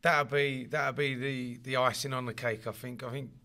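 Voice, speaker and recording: Speaking at normal speed in a steady, mid-range voice that sounds pushed and bright, this rugby league player from London chats through a casual interview. He rambles, repeats words and laughs frequently.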